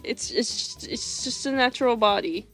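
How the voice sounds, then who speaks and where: A woman's voice: a little high, moderate pace, fairly bright tone. A young woman chatting casually on a livestream while she draws, rambling with lots of fillers, restarts and giggles. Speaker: animation streamer. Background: faint music.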